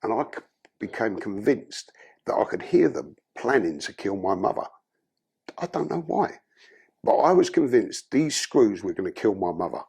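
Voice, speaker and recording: Gravelly, husky man. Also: on the low side, big pitch swings, moderate pace, warm tone. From London. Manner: blunt, profane storytelling. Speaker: podcast guest. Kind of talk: candid life-story interview.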